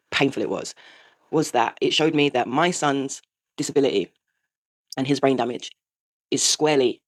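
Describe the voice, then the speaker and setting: A woman in her forties, host of her own show, telling a raw, sweary confession and laughing through the pain. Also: very deep voice. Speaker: podcast host. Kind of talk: candid confessional monologue.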